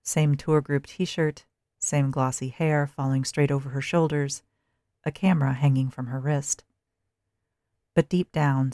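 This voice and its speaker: A narrator reading a dark story in a steady, measured way. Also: mid-range voice, no echo, clean studio sound.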